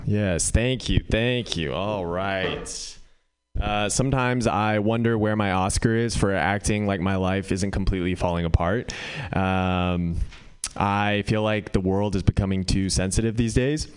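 A man doing stand-up, delivering dry, deadpan one-liners. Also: fairly low pitch, unhurried, clean tone. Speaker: stand-up comedian.

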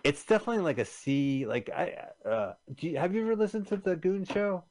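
A male radio host talks casually about a film, retelling its scenes with animation. His pitch rises and falls in a lively way. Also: fairly quick.

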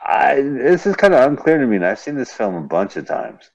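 A man's voice: medium pitch, big pitch swings, fairly quick, darkish tone. A man casually riffing with a co-host over an old silent film, explaining scenes between wry jokes. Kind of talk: casual banter over a movie. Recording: dull lo-fi radio stream.

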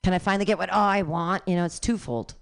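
A woman in her forties doing a bawdy stand-up set, telling her story in halting bursts that jump up into squeals. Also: fairly low pitch, creaky, smooth. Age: 40s. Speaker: stand-up comic. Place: comedy club stage.

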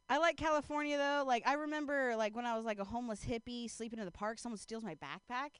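A woman's voice: fairly high pitch, a little fast, pauses often, fairly bright tone, smooth, no echo. A young woman comedian telling a rambling stand-up story on stage, full of fillers, laughing at her own jokes into a handheld mic.

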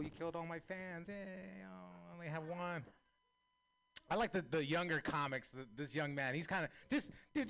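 A young male comic working through a loose, rambling stand-up set. His talk is profane and meandering, with laughs breaking in as he tells stories. His voice sits at an ordinary middle pitch. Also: fairly bright tone. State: high. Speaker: stand-up comedian.

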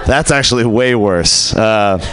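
A man doing a stand-up set at an open mic, with a matter-of-fact, deadpan delivery. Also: on the low side, a little slow. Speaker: stand-up comic. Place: comedy open mic stage.

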